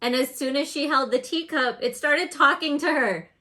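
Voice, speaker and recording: A woman's voice: high voice, moderate pace, bright, forceful tone. A woman telling a motivational story, earnest and speaking straight to the listener. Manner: earnest, addresses the listener directly.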